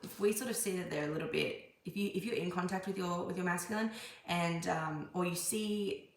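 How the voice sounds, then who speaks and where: A young woman with a lowish, creaky voice and a brisk pace reads tarot casually, talkative and meandering, with many fillers and restarts. The recording has room echo and faint background noise.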